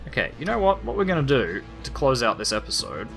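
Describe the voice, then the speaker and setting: A man's voice: mid-range voice, fast talker, music in the background. A young Australian man playing a video game, reading its dialogue aloud and commenting as he goes. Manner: lively, reads all characters aloud. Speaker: let's play gamer.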